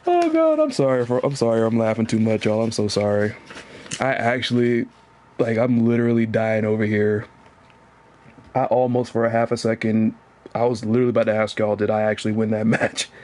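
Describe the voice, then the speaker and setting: A man streaming a fighting game, chatting to his viewers, laughing hard and teasing opponents with high, drawn-out catchphrases. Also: level tone, darkish tone, a little hiss or hum. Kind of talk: casual gameplay commentary. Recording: game music behind. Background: fighting game music.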